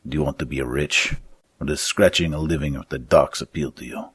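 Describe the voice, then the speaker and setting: A man's voice: a bass voice, fairly quick, fairly bright tone, husky, no echo, clean studio sound, heavily acted. A man voicing a sinister fat merchant with a thick foreign accent in a storybook reading. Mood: tempting.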